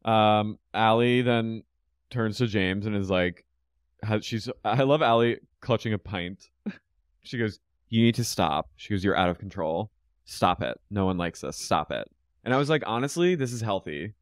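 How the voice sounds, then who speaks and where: A man's voice: lowish voice, lively intonation, moderate pace, clear, resonant tone, no echo, studio quality. A man co-hosting a podcast, chatting and mimicking people in exaggerated voices while recapping a reality show. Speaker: podcast co-host.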